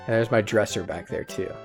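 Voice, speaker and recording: Giggly young man telling a story. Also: on the low side. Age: 20s. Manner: giggly storytelling, laughs a lot. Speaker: streamer. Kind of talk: casual stream chat. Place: bedroom.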